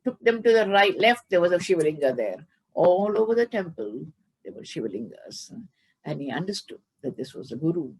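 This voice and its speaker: A woman's voice: on the low side, husky. A woman spiritual teacher giving a devotional discourse over a video call, telling stories with animation and chanting Sanskrit verses.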